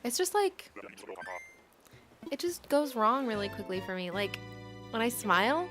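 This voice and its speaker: A woman's voice: on the high side, lively intonation, moderate pace, music in the background. Chatty woman in her late twenties. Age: late 20s. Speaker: livestream host. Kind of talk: casual chat while gaming.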